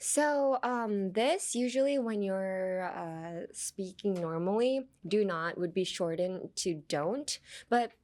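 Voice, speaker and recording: A woman's voice: mid-range voice, expressive, takes it slowly, a little mellow. Young woman, podcast host, casual language lesson, bilingual chatter, laughs a lot, mid-range voice. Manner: chatty, switches between English and Japanese, laughs often. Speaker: podcast host teaching English through anime lines. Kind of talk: casual bilingual teaching chat.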